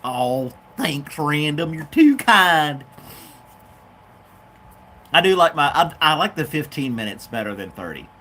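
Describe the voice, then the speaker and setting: A man's voice: a little high, expressive, normal speed, hardly any pauses, a bit bright, a little hiss or hum. A man hosting his own show, chatting casually and off the cuff, rambling between topics and talking to his dog. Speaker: podcast host. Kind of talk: casual chat.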